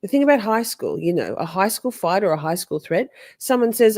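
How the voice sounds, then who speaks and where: A woman's voice: fairly low pitch, big pitch swings, a little fast, a little mellow. A woman hosting a casual trial recap, chatty and sarcastic, often acting out quotes in different voices. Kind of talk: casual livestream commentary.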